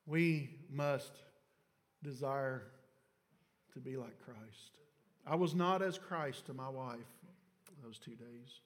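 A middle-aged man, a pastor telling a personal story in a sermon, moving between hushed confession and loud exhortation. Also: mid-range voice, takes it slowly, pauses often. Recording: long church reverb.

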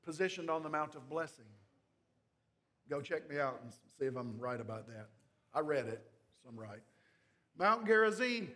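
Guy preaching a sermon, high voice, punches key words, little wry jokes. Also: a bit bright. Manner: emphatic, builds intensity on key phrases, wry asides. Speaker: pastor. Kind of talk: expository sermon.

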